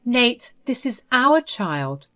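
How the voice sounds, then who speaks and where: A woman's voice: fairly high pitch, big pitch swings, slow, a bit bright, voice pushed up, heavily acted. A woman voicing an unhinged, possessive sister-in-law who speaks in a defiant, dismissive way.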